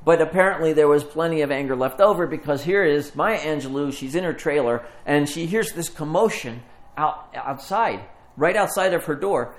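A man preaching a sermon, telling a story and acting out the voices in it, then dropping to a hush at the tender moments. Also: a little high, moderate pace.

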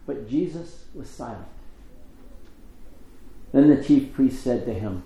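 A man giving a measured, expressive liturgical scripture reading in a church. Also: medium pitch, echoey room, low-quality recording. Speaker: scripture reader.

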